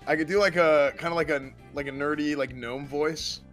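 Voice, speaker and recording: A man's voice: fairly high pitch, fairly even intonation, fairly bright tone, soft background music. A male streamer chatting casually and eagerly. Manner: eager, quick. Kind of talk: casual chat.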